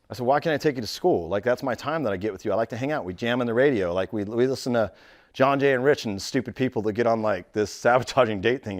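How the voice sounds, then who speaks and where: A middle-aged man giving a casual motivational talk as a real estate coach. He tells stories, swears, says dude, and swings from low confiding to loud and excited.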